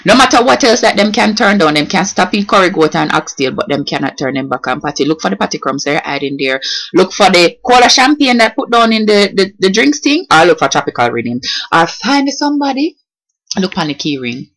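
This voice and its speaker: A woman with a Jamaican accent doing a comedic vlog, animated and slipping in and out of patois. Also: fairly low pitch, fairly quick. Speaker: comedic vlogger.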